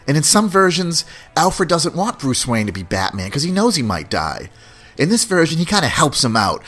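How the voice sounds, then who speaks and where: Male podcast host, rambling and animated, lively pitch, faint music behind. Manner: animated, rambling, laughs often. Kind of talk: casual podcast chat.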